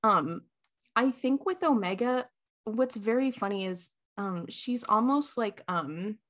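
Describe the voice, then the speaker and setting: A woman's voice: a little high, animated, takes it slowly, a bit bright. A woman co-hosting a podcast in casual fan chat, chatty and thinking aloud with many fillers. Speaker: podcast co-host.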